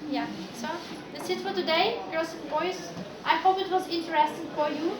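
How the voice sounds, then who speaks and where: A high-voiced woman talks to a class as a guest speaker, chatty and full of stories. The room is echoey, and students can be heard around her. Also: normal speed, a loud crowd. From Ukraine. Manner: chatty, anecdotal, many "like" and "yeah" fillers. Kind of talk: informal talk to a class.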